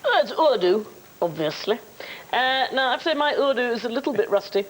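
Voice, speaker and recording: Deadpan woman bluffing with mock pomp. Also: a little high, brisk, slight background noise, rough recording. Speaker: panelist.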